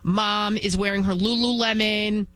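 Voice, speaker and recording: A woman's voice: medium pitch, fairly even intonation, a little slow, a bit bright, dry recording, faint music behind, low-quality recording. A woman news host talking bluntly and emphatically in a casual monologue, often restarting her sentences.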